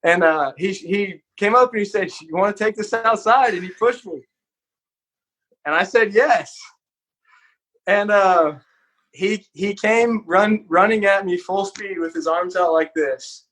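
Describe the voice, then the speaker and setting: A man's voice: high voice, unhurried, a bit bright. A man from Texas, a podcast guest, telling an earnest, candid story in a casual, conversational way.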